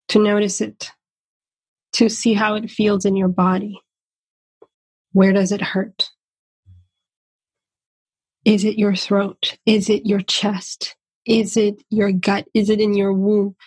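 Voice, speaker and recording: Slow, breathy woman speaking reflectively. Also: medium pitch, no echo. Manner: slow, gentle and searching, with many pauses and fillers. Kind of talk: reflective personal monologue.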